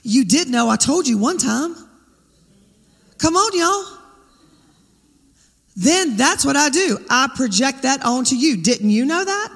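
A woman's voice: high voice, big pitch swings, unhurried, pauses often, fairly bright tone, long reverb tail. A woman preaching a sermon, talking conversationally and firing rhetorical questions at the congregation. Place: church sanctuary.

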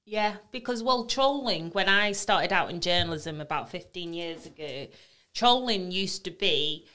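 A woman with a fairly low voice, chatting on a podcast. She speaks earnestly and outspokenly about what matters to her. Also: expressive, measured pace, pushed and bright. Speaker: podcast co-host, journalist. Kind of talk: casual chat.

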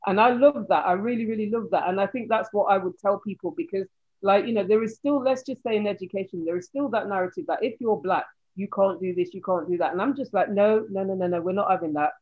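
A woman sociologist joins a podcast panel as a guest and speaks with animated emphasis. Her talk is full of fillers. Her voice comes through a narrow, phone-like line. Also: mid-range voice, quick pace, husky. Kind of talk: casual panel chat.

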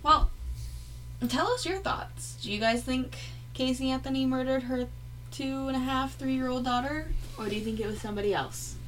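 A woman's voice: high-pitched, normal speed, fairly bright tone, slight background noise, low-quality recording. A woman co-hosting a podcast in casual chat, telling stories animatedly, laughing often and swearing freely. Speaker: podcast co-host.

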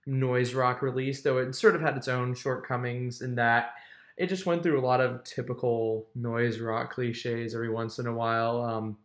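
Young male co-host, relaxed and wry, mid pitch, echoey room. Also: moderate pace. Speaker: podcast co-host. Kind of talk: casual chat, album review. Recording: roomy echo.

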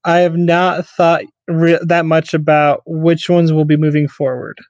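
A man co-hosting a podcast in casual chat, speaking in a measured way with hesitant restarts. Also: fairly high pitch, level tone, a little mellow, dry recording, lo-fi sound. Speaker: podcast co-host.

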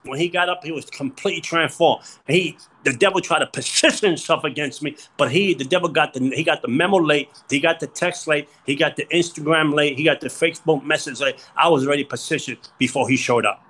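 A man's voice: on the high side, fairly quick, hardly any pauses, fairly bright tone, low-quality recording. A male guest minister telling testimony in an impassioned way, repeating phrases and using loose grammar. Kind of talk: testimony-style conversation.

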